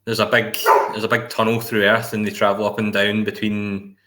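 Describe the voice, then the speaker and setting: A man co-hosting a podcast, chatting in a relaxed and joking way. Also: on the low side, a little fast. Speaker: podcast co-host. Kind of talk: casual chat.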